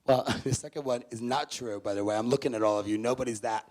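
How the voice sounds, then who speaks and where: A man speaking as a motivational speaker to a college audience. He is emphatic and repeats his key phrases, swinging from loud to hushed. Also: medium pitch, steady tone, fast talker. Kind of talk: motivational talk to students. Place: college event before a student audience.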